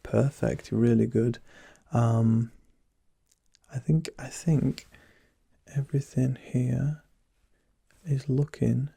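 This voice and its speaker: Here a young man whispers slowly as a teasing doctor, leaving long pauses. His voice is low, soft, and husky, gravelly at the edges and dark and mellow, with fairly even intonation, and the close, dry recording has no room sound.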